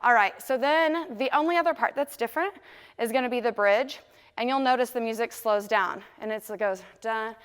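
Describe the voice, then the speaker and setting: Peppy young woman dance teacher counting out moves, smooth clear voice, long echo in the studio. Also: fairly high pitch, normal speed. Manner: upbeat, counts moves aloud and sings lyric snippets. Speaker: dance instructor. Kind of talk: dance tutorial with counted steps.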